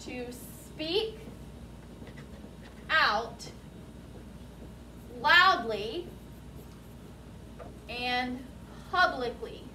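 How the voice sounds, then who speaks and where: A woman teacher leading a vocabulary lesson for a class, speaking slowly and deliberately and spelling words out letter by letter. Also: sits high, expressive, sharp tone, a little hiss or hum. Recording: echoey classroom, mic at a distance.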